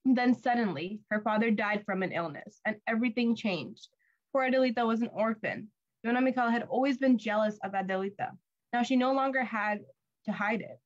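A woman reading a storybook aloud to children, with clear, expressive storytelling. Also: a little high, a little fast, dull audio. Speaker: storybook reader.

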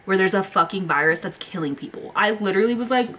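A woman's voice: mid-range voice, expressive, quick pace, sharp tone, slight background noise. A young woman vlogging at home, telling a story in a dramatic, profane way with lots of "like". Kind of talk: casual storytime vlog. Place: home, indoors.

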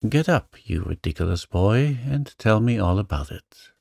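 A man's voice: on the low side, lively intonation, moderate pace, vocal fry, a little mellow, no echo, studio quality. A man voicing a spirited, blunt young woman in a storybook reading, exclaiming and teasing.

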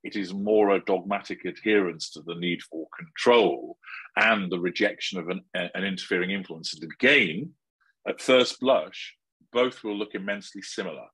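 A man being interviewed, explaining things in a measured, analytical way. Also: deep voice, a bit bright, slightly rough, no echo, rough recording. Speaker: interview guest. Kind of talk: conversational interview.

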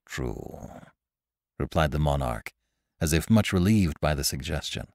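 A man narrating a classic story as a podcast host, in an expressive, theatrical reading on a close studio mic. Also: very deep voice, normal speed, no room sound. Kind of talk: dramatic audiobook reading.

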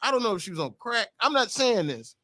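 A man's voice: high voice, sing-song, quick pace, sharp tone, dry recording, clean studio sound. A man, a guest comedian telling rambling, sheepish stories about himself on a podcast. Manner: rambling, sheepish confessional storytelling. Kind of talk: comic storytelling on a podcast.

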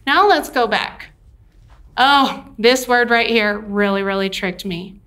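Lady teacher, high voice, talks slow and cheery to little kids. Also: pushed and bright. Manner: slow, patient and cheerful, coaxing children. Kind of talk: children's lesson.

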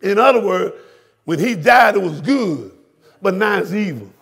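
A man, a pastor preaching a sermon, swinging between hushed talk and shouted lines that he repeats to the congregation. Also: high-pitched, animated, normal speed, gravelly, husky. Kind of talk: fiery sermon. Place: church sanctuary.

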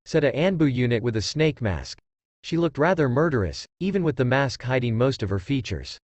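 A man narrating a fan story aloud in an animated, casual reading style. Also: medium pitch, fairly quick, no echo, muffled recording.

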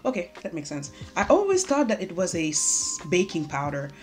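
A woman's voice: fairly low pitch, wildly swooping pitch, moderate pace, a little mellow. A young woman, talking casually and joking at herself as she does a makeup tutorial at home. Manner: chatty, self-mocking, talks while doing makeup. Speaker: beauty vlogger. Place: home room. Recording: faint music underneath.

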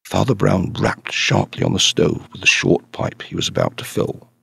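A man narrating a detective story in a measured, scripted way. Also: deep voice, huge pitch swings, gravelly, a bit bright, husky, no room sound. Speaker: audiobook narrator.

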